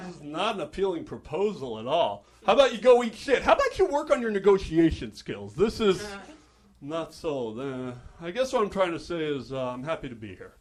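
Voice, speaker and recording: On a comedy club stage, a young New Jersey man with a high-pitched voice performs stand-up. His humor is wry and self-deprecating, peppered with hesitant asides.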